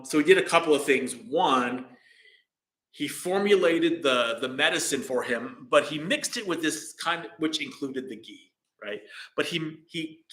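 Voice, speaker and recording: A man's voice: mid-range voice, pushed and bright. Casual man telling a dharma story. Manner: casual, rambling, many fillers. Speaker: meditation teacher. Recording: roomy echo.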